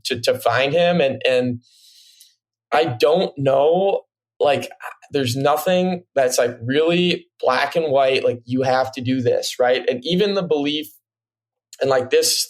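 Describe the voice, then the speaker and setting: Hesitant, reflective male podcast guest. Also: mid-range voice. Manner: hesitant, reflective, many fillers like "like" and "right?". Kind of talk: casual chat.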